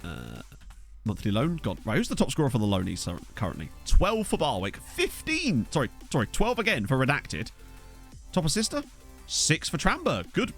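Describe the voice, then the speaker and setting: Young male streamer, chatty and rambling, animated delivery, desk mic. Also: medium pitch, brisk, soft background music. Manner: rambling, chatty, addresses viewers. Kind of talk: casual live-stream chat while playing. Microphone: desktop USB mic.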